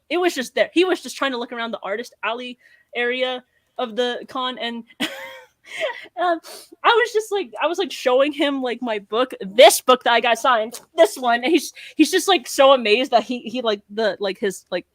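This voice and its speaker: High-voiced, rambling young American guy. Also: normal speed, no room sound. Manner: rambling, animated storytelling with lots of fillers. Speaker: podcast guest. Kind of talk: excited casual chat.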